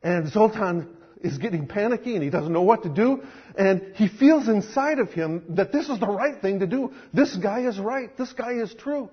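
A man's voice: high voice, animated, normal speed, husky, muffled recording. A male pastor preaching a sermon, dramatic in his storytelling. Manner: dramatic, acts out characters.

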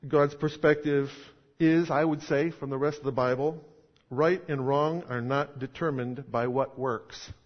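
A man's voice: fairly high pitch, fairly even intonation, unhurried. A man preaching a sermon in a conversational, emphatic style with rhetorical questions. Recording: dull sound in a reverberant hall.

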